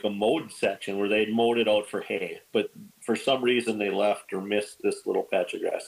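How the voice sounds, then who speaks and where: A man guest on a podcast, telling stories in casual chat, lively and animated, acting out quoted lines with big jumps in pitch. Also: poor audio. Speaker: podcast guest, bird dog kennel owner.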